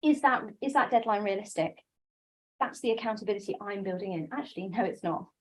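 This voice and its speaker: A woman giving a conference talk on coaching, lively and self-deprecating, with quick quoted asides. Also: medium pitch, slightly rough, low-quality recording. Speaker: coaching speaker.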